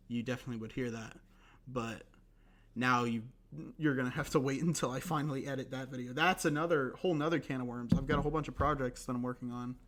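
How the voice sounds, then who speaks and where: A hoarse young man hosting a casual solo podcast, rambling and self-deprecating with lots of fillers and restarts. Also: medium pitch, fairly bright tone. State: hoarse, recovering voice. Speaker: podcast host.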